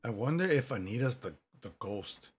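A man's voice: medium pitch, lively intonation, moderate pace, slight background noise. A man giving joking commentary on a horror game, reacting aloud to scares and talking back to the story. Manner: jokey, talks back to the game, yelps at scares. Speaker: gaming commentator.

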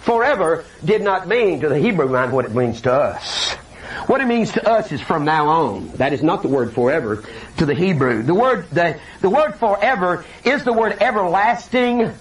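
An older male preacher delivers a sermon in a high, lively voice that leaps up and down as he acts out scripture quotes. He is picked up from across the room, and a faint hiss sits behind him. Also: moderate pace. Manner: animated, dramatic preaching with acted-out quotes. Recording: distant mic with faint hiss.

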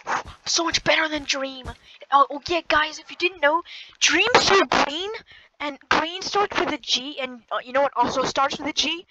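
A woman giving excitable, joking live commentary over her own gameplay, often yelling at the game. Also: high-pitched, moderate pace, noisy background. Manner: excitable, jokey, yells at the game. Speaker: gaming YouTuber.

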